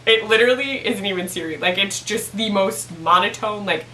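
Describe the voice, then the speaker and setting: A chatty young woman recaps a TV episode in a loose, giggly way, full of "like" fillers. Her voice is bright and sharp. She sits a little back from the mic in an echoey room. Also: mid-range voice, brisk, few pauses, distant mic, slight background noise. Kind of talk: casual recap chat.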